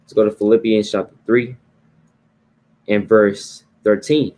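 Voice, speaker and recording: His lowish, slightly mellow voice stays steady and a little slow. The man teaches the Bible casually, like a chatty sermon, returning to his points and checking in with "right?" and "you know."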